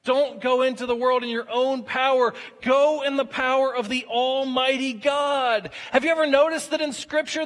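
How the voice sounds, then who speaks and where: A man's voice: very high-pitched, fairly bright tone. A man in his thirties preaching a sermon in a conversational way, acting out little everyday scenes as he goes. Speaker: pastor. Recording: long reverb of a large hall.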